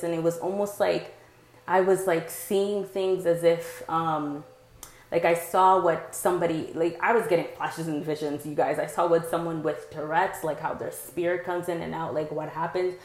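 Low-voiced woman rambling in an echoey room. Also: steady tone, moderate pace, a little mellow. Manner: rambling, heavy use of "like" and "um", frequent "right?". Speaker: podcast host. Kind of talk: casual personal storytelling.

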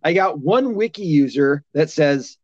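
A man's voice: on the high side, lively intonation, a little slow, a little mellow, dry recording, lo-fi sound. A man in his thirties hosting a podcast in a casual chat, swearing freely and laughing often. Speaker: podcast host.

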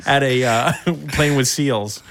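A man's voice: mid-range voice, slow pace, a bit bright, a little hiss or hum. A man hosting a podcast, telling a funny story about himself in a casual, self-mocking way and laughing a lot. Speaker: podcast host.

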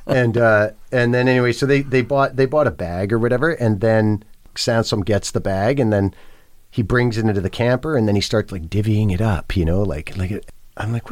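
A man's voice: fairly low pitch, normal speed. Man, fifties, podcast guest, casual storytelling, profane, rambling, many fillers. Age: 50s.

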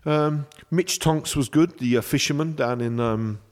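This English chef talks a little slowly, his voice fairly high. It's a casual conversation in which he spins rambling, animated anecdotes.

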